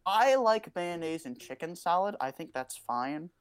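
A young woman chatting casually as co-host, quick with asides and laughing often. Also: on the low side, animated, clear, resonant tone. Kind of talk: casual chat.

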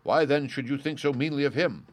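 A man reading as a crisp, commanding detective. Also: medium pitch, a little fast, no room sound, voice pushed up, natural voice. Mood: assured. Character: brisk, sharp-witted male detective, calm and commanding. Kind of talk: audiobook character reading.

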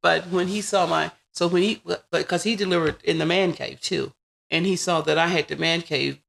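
A woman in her forties, a podcast guest, telling personal stories in a casual, animated way and acting out what people said. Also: on the low side, normal speed, creaky, slight background noise. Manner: animated, acts out quoted dialogue. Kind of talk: casual interview storytelling.

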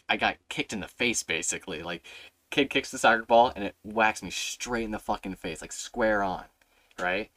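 Low-voiced young man telling a rambling story. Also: normal speed, bright, forceful tone, dry recording. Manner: rambling storyteller, swears freely, acts out his younger self in a higher voice. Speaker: podcast host. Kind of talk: casual chat.

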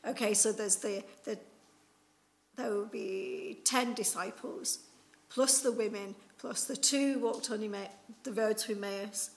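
A woman's voice: mid-range voice, unhurried, gravelly, rough recording. A woman preaching an Easter sermon in a chatty, conversational way, acting out the people in the story as she tells it. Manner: casual, chatty with fillers like "like" and "you know".

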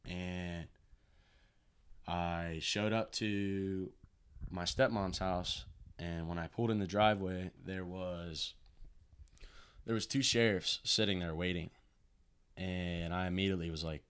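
A young man telling a painful personal story in a casual, halting way, full of restarts and fillers. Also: low voice, fairly even intonation, a bit bright, clean tone. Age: young adult.

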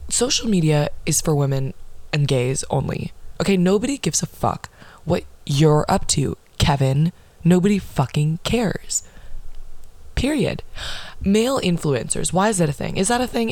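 A young woman in her early twenties hosting a podcast, ranting in casual chat with a sarcastic, profane and animated manner. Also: sits low, no echo. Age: early 20s. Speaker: podcast host.

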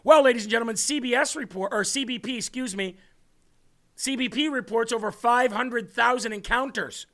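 High-pitched guy hosting a political talk show, sarcastic and rambly. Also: moderate pace, sharp tone. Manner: sarcastic, rambling, addresses audience as folks. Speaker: show host.

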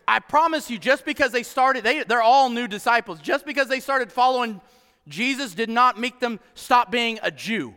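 A man preaching a sermon as pastor, animated and exclaiming often to his congregation. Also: extremely high pitch, moderate pace, clean tone. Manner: animated, exclaiming "huh?" and "come on". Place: church hall. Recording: long hall reverb.

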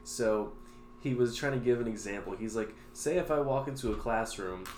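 A man's voice: mid-range voice, moderate pace, a little hiss or hum. A young man co-hosting a podcast, telling stories casually and swearing freely. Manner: crude, storytelling, swears freely. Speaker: podcast co-host. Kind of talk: casual chat. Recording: echoey room.

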